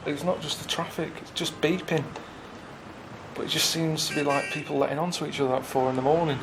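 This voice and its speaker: A man complaining in a flat, deadpan way during casual comic chat on a show. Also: fairly high pitch, normal speed, pauses often, background noise. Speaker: reluctant traveller on a comedy show.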